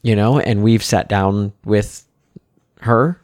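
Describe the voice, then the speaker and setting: A man's voice: lowish voice, fairly even intonation, takes it slowly, darkish tone, no echo, studio quality. A man co-hosting a family podcast in casual chat, rambling and restarting his sentences often. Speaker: podcast co-host.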